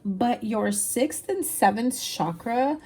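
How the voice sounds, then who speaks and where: A woman's voice: a little high, animated, takes it slowly, darkish tone, breathy edge. A woman giving a casual tarot reading, chatty and rambling, tired. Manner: chatty, rambling, with fillers and laughs. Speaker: tarot reader.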